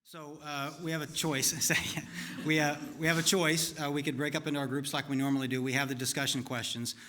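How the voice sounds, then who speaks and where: A man leading a congregation gathering, making relaxed joking announcements. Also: on the high side, brisk. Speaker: service leader. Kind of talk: casual announcements. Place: congregation hall. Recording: noisy room ambience.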